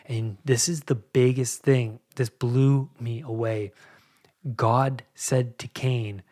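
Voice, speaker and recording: A man hosting a solo podcast, speaking in a reflective, halting way that often repeats words as he searches for them. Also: medium pitch, fairly even intonation, a little mellow. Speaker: podcast host and anxiety coach.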